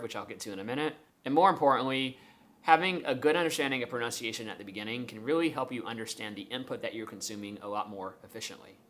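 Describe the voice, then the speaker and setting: A man's voice: medium pitch, fairly bright tone. A man with a mid-range voice, an English speaker, walks through his learning method in a vlog. He explains methodically, step by step, with lots of examples. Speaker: language-learning vlogger.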